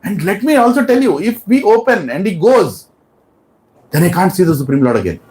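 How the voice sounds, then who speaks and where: A man's voice: sits high, very animated, fairly quick, darkish tone, a little hiss or hum, pitched above the performer's own voice. A man playing an agitated, stubborn king in a sermon story, exclaiming in a raised voice. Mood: insistent.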